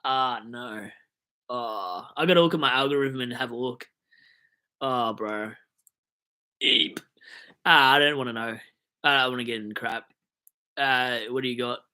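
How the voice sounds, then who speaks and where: A man's voice: mid-range voice, normal speed, sharp tone, smooth. A young Australian man hosting a fantasy football live stream, rambling and joking as he answers chat comments, with hiccups.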